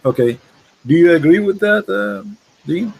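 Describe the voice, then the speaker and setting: Arabic-accented guy ranting on a call, high pitched, mocking, keeps repeating himself. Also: expressive, vocal fry, breathy edge, poor audio. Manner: mocking, forceful, fast bursts, repeats words. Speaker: host, debater. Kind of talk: casual debate chat.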